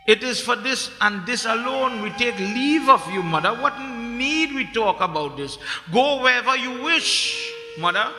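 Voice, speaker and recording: A man voicing a calm sacred cow that firmly turns away wealth, in an echoey hall with music behind. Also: high-pitched, heavily acted. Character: calm, firm sacred cow refusing riches.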